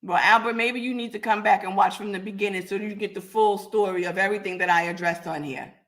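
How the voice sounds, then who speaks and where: Woman host, raspy from a cold, blunt and confrontational, talking straight to her live chat. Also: medium pitch, steady tone, quick pace, fairly bright tone. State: getting over a cold. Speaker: podcast host. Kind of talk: live-stream talk to commenters.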